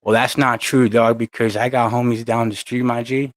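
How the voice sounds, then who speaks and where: A man's voice: medium pitch, little pitch movement, moderate pace, no echo. A young man, chatting casually to his channel and rambling through stories in loose street slang. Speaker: channel host. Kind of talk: casual chat to camera.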